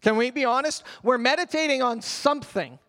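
An older man, a pastor, delivering an animated sermon that drops at times to a murmured prayer. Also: extremely high pitch, fairly quick. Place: church hall. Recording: long reverb of a church hall.

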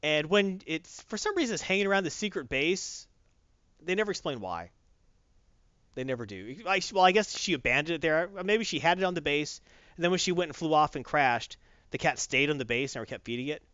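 Animated man, lively pitch, dull sound. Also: brisk, smooth, no echo. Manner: animated, acts out movie quotes in voices. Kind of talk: casual chat, movie review.

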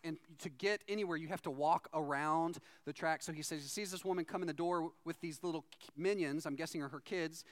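A man preaching a sermon as a pastor, in a conversational, animated storytelling manner. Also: high-pitched, clean tone.

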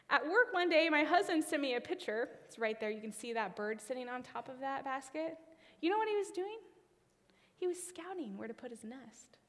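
A woman preacher giving a sermon with a personal story, expressive, often trailing her phrase endings off into a whisper. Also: high voice, normal speed, long reverb tail.

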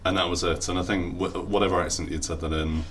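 A man's voice: sits low, steady tone, fast, a bit bright. A man hosting a podcast, asking questions in an easygoing way with hesitant restarts. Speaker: podcast host. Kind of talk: casual interview chat.

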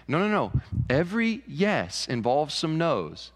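A man preaching a sermon as pastor, animated, often repeating words as he builds a point. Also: on the high side, unhurried, big-room sound. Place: church sanctuary.

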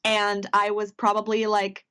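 A woman's voice: medium pitch, smooth. A young woman from Minnesota with an American accent, co-hosting a podcast in casual chat and telling stories with playful asides. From Minnesota, United States. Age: young adult. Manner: animated storyteller, playful, quick asides. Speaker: podcast co-host and convention reporter.

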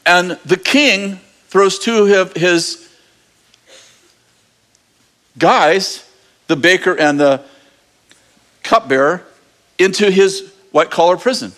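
A man preaching a lively sermon, retelling a story with jokes and acted-out voices. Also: sits high, slow. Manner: animated, acts out voices, jokey asides. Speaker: pastor.

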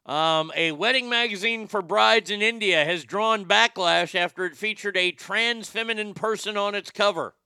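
A man's voice: high-pitched, moderate pace, few pauses, sharp tone, clear, resonant tone, dry recording. A man hosting a ranting commentary show, crude and mocking, often stammering and restarting his sentences. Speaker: commentary podcast host.

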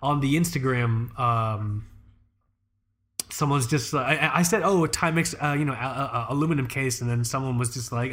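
A man's voice: medium pitch, fairly quick, fairly bright tone. Rambling, swearing man chatting casually. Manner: rambling, profane, lots of fillers and restarts. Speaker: podcast co-host. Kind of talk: casual chat.

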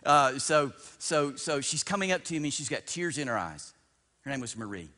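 A man in his fifties, a pastor preaching a sermon, swinging between loud emphatic bursts and hushed storytelling and repeating words as he builds up. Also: mid-range voice, lively intonation, normal speed. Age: 50s. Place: church sanctuary. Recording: long church-hall reverb.

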